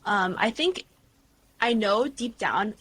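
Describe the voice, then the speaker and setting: A woman in her twenties, a guest creator, chatting casually in an interview with lively storytelling and lots of fillers. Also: mid-range voice, slow pace, slightly rough. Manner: bubbly, animated storytelling with frequent "like" and laughs.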